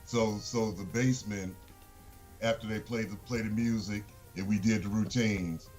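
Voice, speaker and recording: A man with a hoarse, congested voice, chatting as a reluctant guest singer on a casual live show. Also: lowish voice, fairly even intonation, moderate pace, a little mellow, faint music behind.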